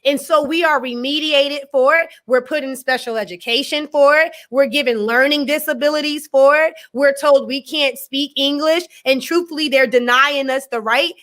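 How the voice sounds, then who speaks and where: A woman's voice: sits high, moderate pace, few pauses, a bit bright. A woman, a guest educator, explaining earnestly and laughing often in a live-stream discussion.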